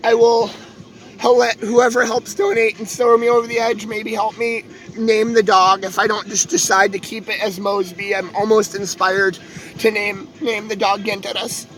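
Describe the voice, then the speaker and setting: A man's voice: high voice, level tone, normal speed, fairly bright tone, poor audio. A young man streaming live, talking casually in a rambling, earnest way and pleading with his viewers.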